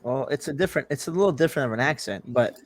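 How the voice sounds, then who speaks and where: A man's voice: medium pitch, lively intonation, racing. A man co-hosting a podcast in casual chat, steering the topics. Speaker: podcast co-host.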